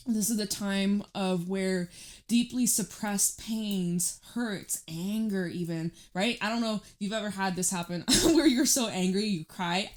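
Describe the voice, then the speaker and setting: A woman giving a tarot reading to camera, talking in a gentle, reassuring, chatty way with many fillers. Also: mid-range voice, measured pace. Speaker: tarot reader.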